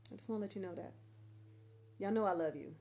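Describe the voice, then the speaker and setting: A woman with a medium-pitched, warm voice talks fast as she chats casually with livestream viewers from her couch at home. She's a coach and marketer, and her talk is affectionate and rambling, often repeating itself.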